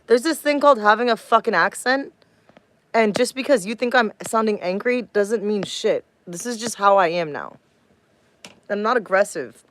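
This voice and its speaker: A woman's voice: mid-range voice, dry recording. A woman in her thirties talking bluntly to her live stream chat, combative and swearing heavily. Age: 30s.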